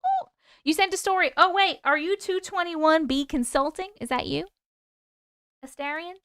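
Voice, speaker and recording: Bright, clear-voiced woman live-streamer. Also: very high voice, expressive, normal speed, no echo, clean studio sound. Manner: chatty, reads out viewer comments and thanks gifts. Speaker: host reading chat on a livestream. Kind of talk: casual live-stream chat.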